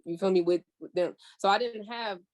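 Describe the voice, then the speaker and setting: A young woman from California, appearing as a podcast guest, tells her story in casual chat with a brisk, mid-range voice. She swears freely and acts out the things she said back then.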